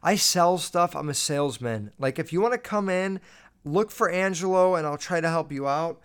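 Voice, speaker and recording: A young man hosting a podcast, telling a profane, animated story about a rude customer and acting out both sides of the dialogue. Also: on the high side, normal speed, smooth. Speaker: podcast host. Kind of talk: casual storytelling rant.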